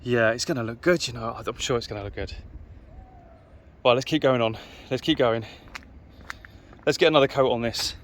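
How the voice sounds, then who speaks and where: A man's voice: medium pitch, normal speed, long pauses. A British man with an easygoing manner, giving casual commentary while he works on a car outdoors on a windy day. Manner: easygoing, thinks aloud with fillers. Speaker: car restoration vlogger.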